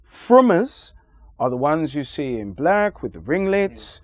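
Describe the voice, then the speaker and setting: A man being interviewed, arguing his points in a forceful, lecturing way with deliberate pauses. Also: mid-range voice, big pitch swings. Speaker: interview guest. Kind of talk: emphatic conversational argument.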